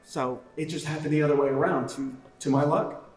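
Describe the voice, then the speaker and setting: A man on a convention panel, speaking in a measured, conversational way. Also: a little high, fairly even intonation, darkish tone. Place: large convention hall. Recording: echoey room from far off.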